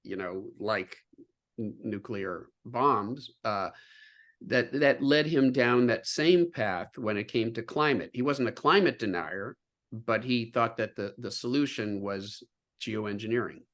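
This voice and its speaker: A man's voice: fairly low pitch, measured pace, a bit bright. Earnest man explaining science on a call. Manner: earnest, explanatory, with frequent fillers and restarts. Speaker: guest scientist. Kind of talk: interview answers on a video call. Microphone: video call.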